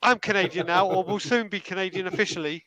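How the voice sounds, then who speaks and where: A man's voice: high voice, fast talker, bright, forceful tone, no echo. A man hosting a casual football podcast over a call, stumbling over his words and joking at himself. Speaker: podcast host. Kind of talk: casual fan podcast chat.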